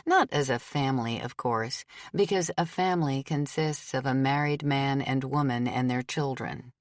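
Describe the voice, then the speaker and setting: A woman reading a novel aloud as an audiobook narrator, in a measured, steady way. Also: a bass voice, no echo, clean studio sound. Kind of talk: scripted narration.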